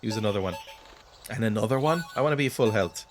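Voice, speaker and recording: A man's voice: medium pitch, animated, a little fast, faint music behind. A man narrating and playing a video game with dry, self-mocking humor. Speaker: gaming YouTuber. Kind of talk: let's play commentary with scripted narration.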